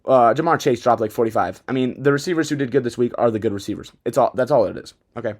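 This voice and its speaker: A young man hosting a fantasy football podcast, talking in a rambling, excitable way and often stumbling over his words. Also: medium pitch, fast. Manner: rambling, self-interrupting, excitable. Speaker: podcast host. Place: Bozeman, Montana.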